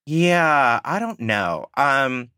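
A man's voice: mid-range voice, big pitch swings, extremely slow, sharp tone, clear, resonant tone, no echo, studio quality. A man chatting as a guest on a podcast, laughing often and trailing off into fillers while he tells stories. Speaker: guest, drag performer. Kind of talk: casual podcast chat.

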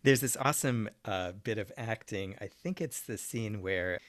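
A podcast co-host in casual chat, animated and playful, laughing while recounting scenes. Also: medium pitch, moderate pace, no room sound.

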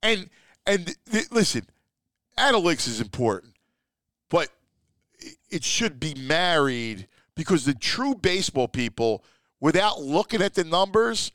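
A man's voice: on the high side, big pitch swings, a bit bright, no room sound, studio quality. A man being interviewed as a podcast guest, eagerly jumping in to share sports memories in casual chat. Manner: eager, quick to jump in and agree.

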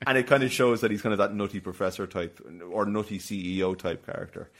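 A man's voice: on the low side, quick pace. A man hosting a casual film podcast, chatty and loose, often laughing. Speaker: podcast host.

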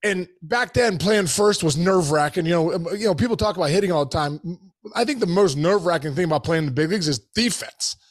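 A man hosting a podcast, telling a story casually in animated bursts, full of restarts and "bro" and "dude". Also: high-pitched, fast.

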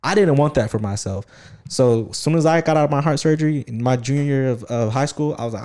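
A young man in casual chat, telling stories in an animated, slangy way with lots of "like". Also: medium pitch, fast talker.

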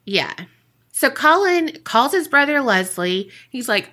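A woman's voice: high-pitched, very animated, a little slow, sharp tone. A woman co-hosting a podcast, telling a story in casual, profane chat full of "like" and "you know", often giggling. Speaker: podcast co-host.

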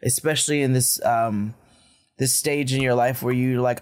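Quick-witted podcast co-host, mid pitch. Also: fairly even intonation. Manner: quick reactive banter, dry humor. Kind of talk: casual chat.

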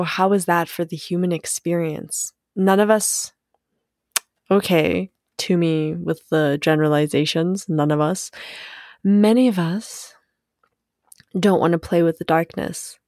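A woman hosting her own podcast, talking alone in a musing, unhurried way, swearing freely and laughing often. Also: fairly low pitch, darkish tone, no echo, studio quality. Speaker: podcast host. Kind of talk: casual solo podcast monologue.

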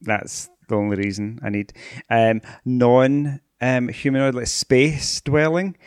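A Scottish man co-hosting a podcast, playful and teasing in his casual chat. His voice sits at an ordinary pitch for a man. The recording is dry, with no room sound. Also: steady tone, slow pace, clean tone, no room sound. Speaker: podcast co-host.

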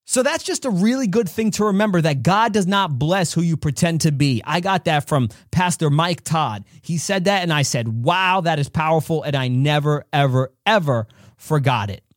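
A man's voice: on the high side, lively intonation, normal speed, no echo, clean studio sound. A man hosting a podcast, giving an earnest, direct faith-based motivational talk full of stories. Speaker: podcast host.

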